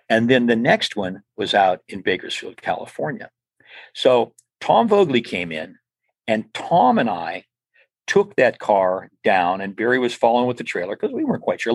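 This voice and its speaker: Gravelly older man rambling through stories. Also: medium pitch, no room sound. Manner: rambling, many restarts and repeated words. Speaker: interview guest. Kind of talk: casual storytelling.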